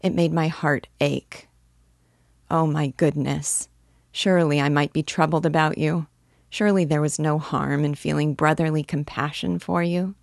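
Woman voicing a timid lonely young man, earnest and pleading, low voice, dry sound. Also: fairly even intonation, normal speed, creaky, a little mellow, no echo. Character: shy lonely dreamy young man of twenty-six.

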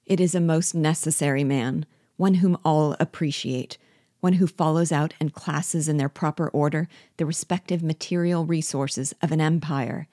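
A woman reading the part of a timid, terrified male prisoner who pleads and flatters in flowery words. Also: sits low, normal speed, no echo, studio quality, lightly acted. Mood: flattering.

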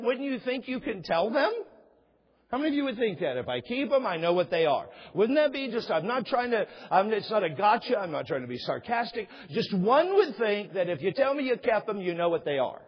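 A man's voice: big pitch swings, a little fast, slightly rough. A middle-aged man preaching a sermon as pastor, talking conversationally and acting out little dialogues. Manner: conversational, acts out dialogues with rising pitch. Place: church sanctuary. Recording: dull sound with long hall reverb.

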